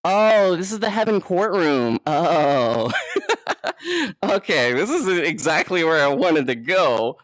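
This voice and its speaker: A VTuber streams from home while seated, chatting casually as they explore a virtual world; they're loose and playful, swear freely, laugh often, and thank followers. The voice is medium-pitched and fairly bright, recorded dry with clean studio sound.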